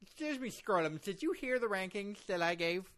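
A man's voice: high-pitched, expressive, moderate pace, a bit bright. A man impersonating a boastful male pro-wrestling villain, talking with a lisp in a pompous, bossy, rambling way. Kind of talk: comedic impression sketch.

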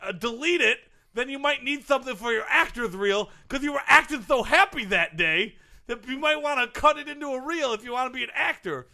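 A man in a comedic talk segment, rambling through gossip with deadpan jokes. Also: very high voice, a little fast. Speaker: comedy panel guest. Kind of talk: comedic improvised banter.

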